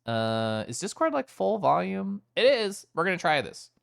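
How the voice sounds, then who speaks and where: A man's voice: sits high, very animated, moderate pace, vocal fry, a bit bright. A man streaming, chatting casually and playfully with his chat, often giggling.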